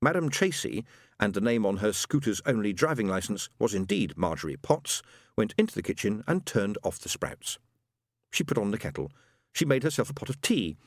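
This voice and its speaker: A man narrating an audiobook in an expressive, wry way. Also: lowish voice, moderate pace, no echo, clean studio sound. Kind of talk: scripted narration.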